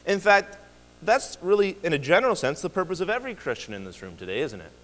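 A male pastor delivers an earnest sermon with a lively, rising and falling voice that sits a touch high for a man. He leans hard on key words and often restarts his phrases. The sound carries a long church-hall reverb. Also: quick pace. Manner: earnest, emphatic preaching with repeated restarts. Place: church sanctuary.

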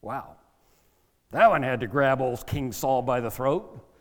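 A man's voice: medium pitch, unhurried, big-room sound. A male preacher retelling a Bible story in the first person, in a theatrical but conversational way.

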